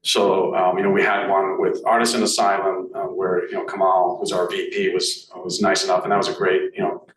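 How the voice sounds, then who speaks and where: A man with a Boston accent giving a board report at a meeting, halting with many fillers and restarts. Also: low voice, level tone. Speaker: board director speaking at annual meeting. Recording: echoey room, mic at a distance, faint noise.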